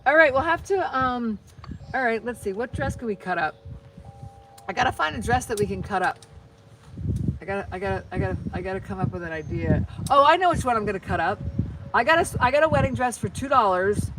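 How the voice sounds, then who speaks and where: A woman's voice: fairly high pitch, expressive, brisk, background noise. A middle-aged American woman chatting casually to viewers while crafting, rambling, with many restarts. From United States. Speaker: vlogger.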